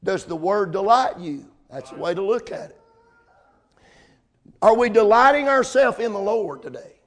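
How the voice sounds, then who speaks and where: A man preaching a sermon in a fervent way, quoting old-style scripture phrasing and building to loud, emphatic peaks. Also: high voice, expressive, moderate pace.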